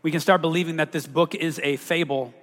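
A man's voice: a little high, fairly even intonation, a little fast, a bit bright, long reverb tail. A man preaching a sermon to a congregation, talking through scripture in a conversational way and asking the listeners rhetorical questions. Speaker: pastor.

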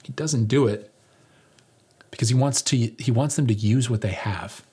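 A man preaching a sermon as pastor, animated and jokey, acting out the lines he quotes. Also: medium pitch, normal speed, husky.

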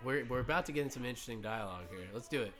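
A man's voice: medium pitch, lively intonation, very fast. A young man co-hosting a podcast, telling rambling, profane stories in a casual chat. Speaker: podcast co-host.

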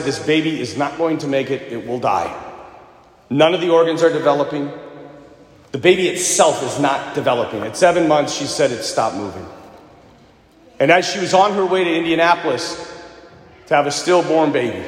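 A man, a priest, preaching a sermon and telling stories in an animated way, acting out the voices of the people in them. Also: mid-range voice, roomy sound, big-room sound.

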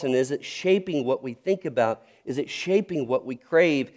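A man's voice: medium pitch, animated, normal speed, darkish tone. A middle-aged man from North Carolina, a pastor preaching a sermon with storytelling and earnest questions.

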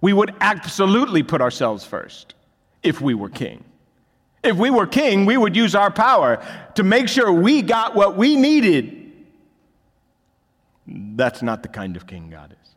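Male pastor, fairly high lively voice, emphatic sermon delivery, long hall reverb. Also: a little slow, pauses often. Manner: animated preaching, swinging from quiet asides to loud emphatic peaks.

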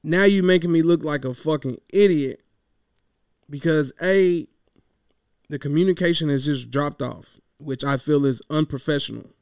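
A man's voice: a little high, normal speed, darkish tone, clear, resonant tone, dry recording, clean studio sound. A man who hosts a podcast, venting in a casual, rambling monologue and swearing freely as he talks through his frustration.

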